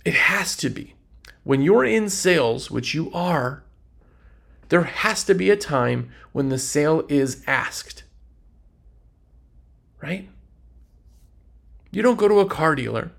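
Man, podcast host, gravelly voice, slightly high pitch, animated sales talk. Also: a little slow, pauses often. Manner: animated, acts out customer and salesman dialogue. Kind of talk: casual business advice talk.

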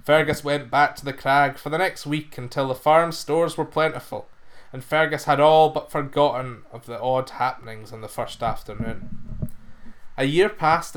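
A man's voice: a little high, a bit bright. Man narrating a fairy tale. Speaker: storyteller. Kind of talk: storybook narration.

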